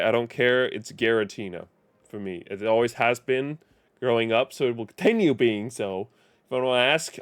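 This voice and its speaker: A man's voice: medium pitch, clean tone, no echo. A man streaming live, chatting casually and rambling, often correcting himself and chuckling. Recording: faint music behind.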